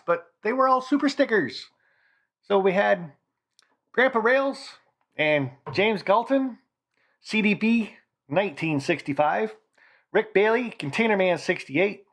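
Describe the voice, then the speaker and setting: Brief: male host, rambling hobby live-chat delivery, slightly higher voice, relaxed and conversational. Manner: chatty, rambling, reads out viewer names. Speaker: channel host. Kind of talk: casual live-stream chat. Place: home model railroad room.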